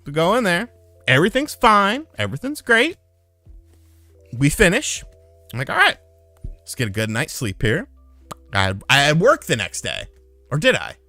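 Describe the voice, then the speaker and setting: A man casually telling a profane story on a live stream, getting loud and heated when he retells a fight. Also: a little high, huge pitch swings, moderate pace, pauses often, no echo, faint music behind. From lived in North Carolina.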